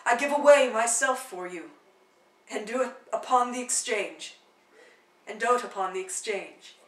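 A woman's voice: a little high, measured pace, a bit bright, reverberant, distant mic, poor audio. Woman reading as an ardent young suitor. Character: young lovestruck nobleman, earnest suitor. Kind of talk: dramatic play reading.

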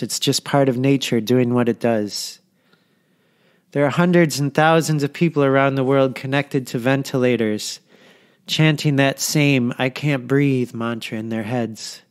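A man hosting a podcast and reading a scripted narration in a measured, solemn way. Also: medium pitch. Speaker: podcast host.

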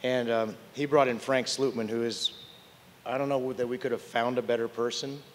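Older male panelist, candid and wry, trips over his words, mid-pitched voice, long hall reverb. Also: steady tone, normal speed, slight background noise. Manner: candid, wry, stumbles and restarts. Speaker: tech panelist. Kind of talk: conference panel storytelling.

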